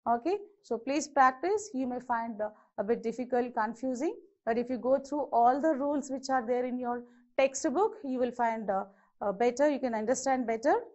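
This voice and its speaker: A woman's voice: on the high side, normal speed, darkish tone, dull audio. A woman teaching an exam-prep grammar lesson, explaining patiently step by step with many "okay"s and "so"s. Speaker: English teacher.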